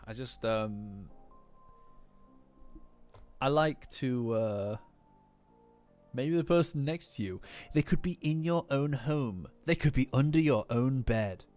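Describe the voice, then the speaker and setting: A man's voice: mid-range voice, animated, slow, pauses often, darkish tone. A tired young man who chats casually on a livestream, rambling and apologizing for it. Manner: rambling, apologetic, self-deprecating. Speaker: streamer. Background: faint lofi music.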